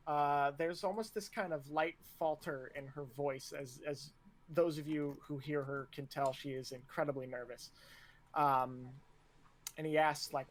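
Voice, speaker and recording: A man narrating a tabletop game as game master, relaxed and stop-start with fillers. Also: fairly high pitch, a little slow.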